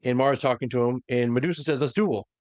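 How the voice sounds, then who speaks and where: A man's voice: medium pitch, dry recording, studio quality. Man animatedly recapping lore. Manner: animated retelling that slips into quick voiced quotes. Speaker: podcast host recapping lore. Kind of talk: casual lore recap chat.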